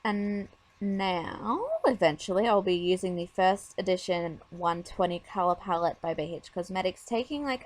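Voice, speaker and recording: A woman talking casually over her makeup tutorial, chatty and rambling with lots of fillers. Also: lowish voice.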